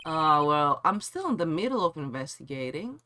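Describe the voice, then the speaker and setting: A man's voice: fairly high pitch, very animated, normal speed, bright, forceful tone, a little hiss or hum, full character voice. Man reading an earnest young lawyer. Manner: earnest, questioning. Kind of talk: reading game dialogue aloud.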